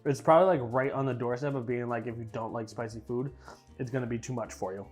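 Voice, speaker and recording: A man's voice: mid-range voice, fast, over music. A young man with a chatty, joking manner, casually reviewing sauces in a vlog and trailing off into fillers. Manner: playfully repeats and mispronounces words. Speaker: food reviewer. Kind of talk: casual food tasting vlog.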